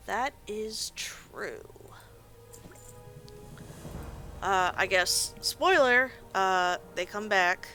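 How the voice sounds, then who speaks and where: Her mid-range voice sounds pushed and bright, with drawn-out words and long pauses; soft music plays behind her and the audio is poor. She's a let's play host, sleepy and yawning, casually rambling through a game and laughing at her own mistakes.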